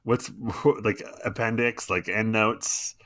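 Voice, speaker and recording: A man's voice: on the low side, fairly even intonation, slow, fairly bright tone. A man co-hosting a podcast, chatting casually with wry quips. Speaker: podcast co-host. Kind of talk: casual chat.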